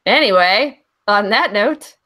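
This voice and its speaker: A woman's voice: medium pitch, expressive, slow pace, pushed and bright. A woman co-hosting a comedy podcast, joking self-deprecatingly and wrapping up the episode. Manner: self-deprecating, wraps up the show. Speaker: podcast co-host. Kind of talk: casual chat.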